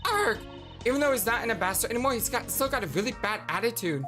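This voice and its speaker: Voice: medium pitch, quick pace, faint music behind. A game streamer voicing a brash, eager young woman in a raised, bouncy voice. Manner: bouncy, excited.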